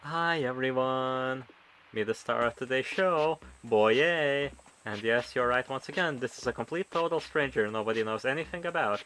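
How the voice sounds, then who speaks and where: A man's voice: mid-range voice, normal speed, pushed and bright, a little hiss or hum, lightly acted, low-quality recording. A man voicing a smug, mocking show host. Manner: mocking, theatrical, sing-song. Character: smug cruel male show host staging a trial. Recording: game music behind voice.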